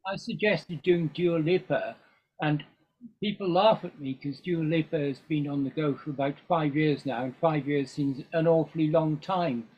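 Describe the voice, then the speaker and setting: Older man, fairly high husky voice, rambling guest chat on a dull lo-fi recording. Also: moderate pace. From England. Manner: rambling, with frequent ums and restarts. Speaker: guest musician. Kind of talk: casual interview chat.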